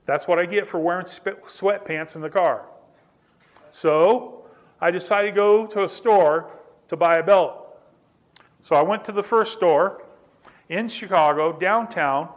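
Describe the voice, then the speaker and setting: A male pastor preaching, telling a personal story in a conversational way and repeating phrases for emphasis. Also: high voice. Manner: repetitive, building emphasis through restated phrases; conversational, addresses listeners directly.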